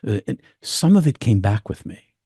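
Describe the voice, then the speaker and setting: A man telling a personal story as a podcast guest, halting and repeating words as he goes. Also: on the low side, very animated, warm tone, husky, no room sound, clean studio sound.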